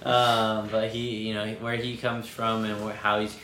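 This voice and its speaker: Low-voiced laid-back man, echoey room. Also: little pitch movement, measured pace, noisy background. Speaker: podcast co-host. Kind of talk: casual podcast chat.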